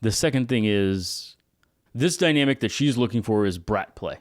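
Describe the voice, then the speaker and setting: A man's voice: lowish voice, expressive, moderate pace, dry recording, clean studio sound. A man co-hosting a casual podcast, speaking frankly and with firm opinions, often checking in with "right?". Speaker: podcast co-host.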